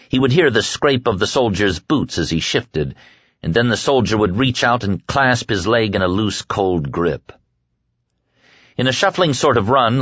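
A man narrating a horror novel in a measured, suspenseful reading that slows and sinks low at the tense moments. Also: fairly bright tone, no echo. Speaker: audiobook narrator. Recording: dry, slightly dull lo-fi recording.

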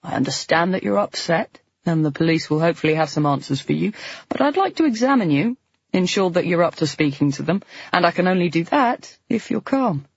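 A woman voicing a patronizing male doctor who talks in a soft, pitying, soothing way in an audiobook. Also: fairly low pitch, expressive, a little fast, creaky, slightly rough, no echo, full character voice. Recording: dull, slightly lo-fi dry recording.

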